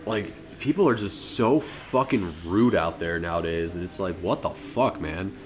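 A man's voice: deep voice, expressive, moderate pace. A young man, a podcast co-host, telling a story in loose, profane casual chat and laughing often. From Colorado.

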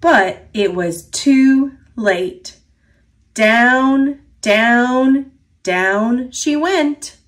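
A woman reading a children's picture book aloud in a gentle, expressive narrating voice. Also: on the high side, very slow. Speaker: storybook reader.

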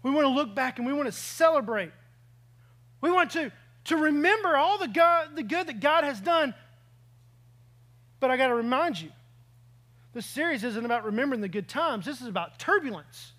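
A man's voice: very high voice, expressive, normal speed, long pauses, fairly bright tone. A man preaching a sermon as pastor, telling a personal story and acting out his own reactions along the way.

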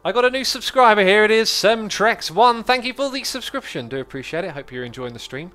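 A man's voice: high-pitched, lively intonation, a little fast, bright, forceful tone, soft background music. A man hosting a casual gaming livestream, cheerful and jokey as he tours builds with a friend. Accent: British. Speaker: livestream host.

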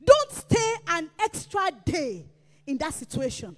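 A woman preacher delivering a sermon, emphatic and repetitive, rising to shouts. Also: extremely high pitch, wildly swooping pitch, unhurried, in a large hall. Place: church.

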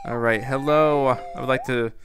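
A man's voice: mid-range voice, steady tone, normal speed. A man hosting his own gaming channel, giving casual, jokey gameplay commentary with self-mocking asides. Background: faint game music.

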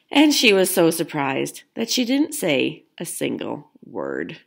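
A woman reading a children's picture book aloud in an expressive, unhurried storytelling manner. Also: deep voice, creaky. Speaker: storybook reader.

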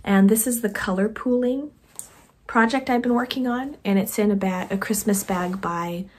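A woman vlogger chatting casually about her knitting projects in a soft, conversational way that often trails off quietly. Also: medium pitch, normal speed, slightly rough. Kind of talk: casual chat to camera.

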